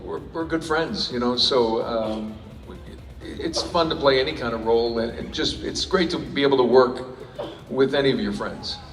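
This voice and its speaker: A man's voice: mid-range voice, normal speed, soft background music. A man answering audience questions at a convention panel, rambling and joking, with lots of restarts. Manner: rambling, self-interrupting, jokey. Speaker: panel guest voice actor. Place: large convention hall. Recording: echoey hall recorded from far off.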